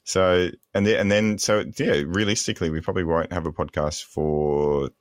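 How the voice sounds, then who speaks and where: A man co-hosting a podcast in casual chat, halting and restarting, often giggling. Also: low-pitched, little pitch movement, no room sound, studio quality. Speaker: podcast co-host. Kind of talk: casual banter.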